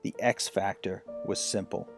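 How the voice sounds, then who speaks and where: A man reading a romance short story aloud as an audiobook narrator, telling it in a gentle, unhurried way. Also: low-pitched, fairly even intonation, gravelly, faint music behind. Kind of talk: scripted narration.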